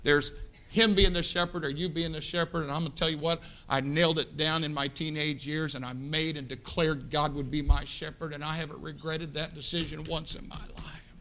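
A man in his fifties from the United States preaching a sermon, building to loud impassioned peaks and dropping to hushed asides. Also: a little high, little pitch movement, a little fast, a little hiss or hum. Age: 50s. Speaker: pastor. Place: church sanctuary.

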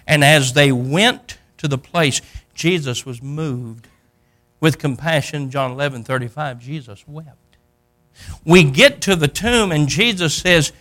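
Older man, preacher, sermon, folksy storytelling, bright forceful voice, slightly high pitch. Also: measured pace. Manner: folksy storytelling, acting out Bible characters, builds to loud peaks.

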